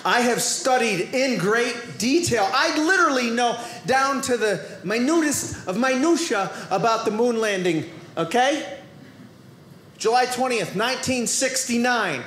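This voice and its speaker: Boston guy doing standup, real high voice, kinda echoey club room, faint hum behind. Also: measured pace. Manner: animated, playful delivery with shouted asides and sudden quiet drops. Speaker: stand-up comedian. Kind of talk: stand-up comedy routine. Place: comedy club stage before a live audience. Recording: roomy live stage recording.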